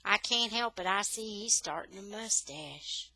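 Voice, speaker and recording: Slow, bright-voiced woman reading a story. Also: mid-range voice, no room sound, soft background music, rough recording. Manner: slow, careful, expressive storytelling. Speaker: reader, English tutor. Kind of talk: reading a children's novel aloud.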